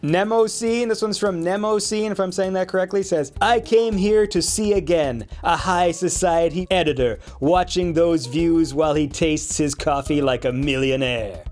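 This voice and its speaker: High-voiced male host reading comments. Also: moderate pace, few pauses, faint music behind. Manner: animated, playful reader of comments. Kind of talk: casual interview, reading viewer comments aloud.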